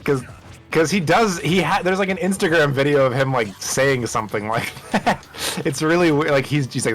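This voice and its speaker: A man's voice: mid-range voice, a little fast, a bit bright, soft background music. A man playing a fighting game on stream with a friend, chatting casually, often restarting his sentences. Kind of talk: casual gaming stream banter.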